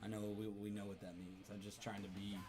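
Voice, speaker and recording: A man in his thirties hosting a livestream, telling a story in a loose, profane, animated way. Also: lowish voice, quick pace, over music. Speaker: livestream host. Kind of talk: casual storytelling to a live chat.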